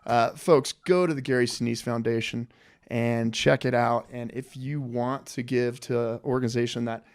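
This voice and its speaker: A man hosting a podcast interview, politely addressing his guest as sir while laying out a survival quiz with lively storytelling. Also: medium pitch, moderate pace, smooth. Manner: respectful, calls guest sir, animated storyteller. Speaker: podcast host.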